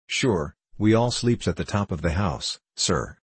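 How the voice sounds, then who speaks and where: A man's voice: low-pitched, expressive, a little slow, slightly rough, dry recording, full character voice. A man voicing a portly, nervous Irish woman cook who rambles and pleads, with an Irish accent, in a storybook reading. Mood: flustered.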